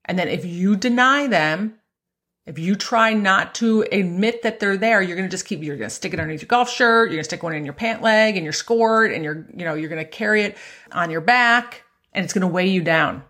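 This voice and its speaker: A woman's voice: medium pitch, fairly quick, a bit bright. A woman coaching golfers on their emotions in a chatty, conversational way, often tagging her points with "right?" and laughing easily. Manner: acts out inner voices in quotes. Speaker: golf mental coach. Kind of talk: conversational motivational talk.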